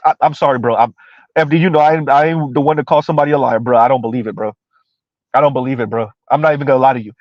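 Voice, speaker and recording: A man under forty rattles off casual live-stream commentary in a rapid-fire, slightly high voice, repeating himself emphatically, ranting, and laughing often. There's no echo; the lo-fi recording is dry and slightly dull.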